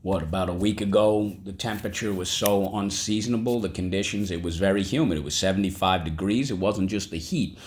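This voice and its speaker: A man with a very low, deep voice teaches a vocabulary lesson. He spells words letter by letter and keeps checking in with his students. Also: fairly quick, hardly any pauses, a little hiss or hum. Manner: animated, spells words aloud and checks in with "okay? right?".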